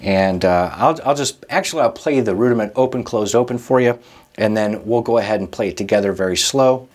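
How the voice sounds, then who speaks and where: A man's voice: on the low side, fairly quick, darkish tone, slight background noise. A man teaching a drum lesson in a patient, encouraging way, often checking in with the listener. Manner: casual, checks in with frequent "okay?" and "right?". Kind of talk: instructional explanation.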